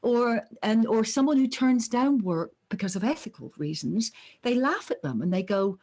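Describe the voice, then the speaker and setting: A middle-aged psychologist guesting on a podcast explains ideas conversationally at a normal speed, her voice on the high side. She's animated and acts out the voices of the people she quotes.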